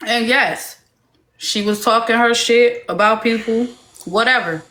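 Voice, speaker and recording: A woman's voice: on the high side, a little slow, fairly bright tone. Earnest woman hosting a live stream. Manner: reasoned, earnest, asks rhetorical questions. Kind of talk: casual live-stream commentary.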